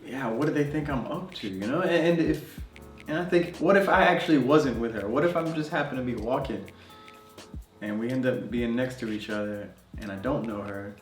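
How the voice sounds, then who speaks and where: This young adult travel vlogger speaks at a moderate pace in a mid-range voice, chatting to camera about his travels with plenty of fillers and laughs. The recording sounds roomy, picked up by a distant mic, with faint music in the background.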